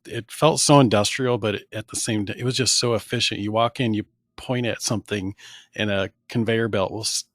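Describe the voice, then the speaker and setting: A man's voice: lowish voice, steady tone, fairly quick, no room sound. Enthusiastic American man, dry close sound. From United States. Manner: enthusiastic, emphatic ranting. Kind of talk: casual podcast chat.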